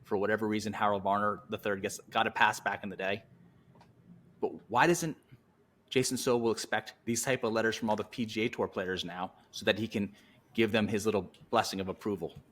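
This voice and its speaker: Man, slightly low voice, golf podcast host, direct and plain-spoken. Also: steady tone, brisk, fairly bright tone. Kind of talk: casual chat and reading a document aloud.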